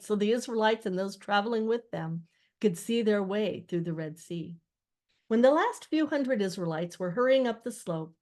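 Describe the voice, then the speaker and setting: An older woman narrating a novel as an audiobook reader, expressive and rising sharply for shouted lines. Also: medium pitch. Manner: expressive reading that rises for quoted shouts.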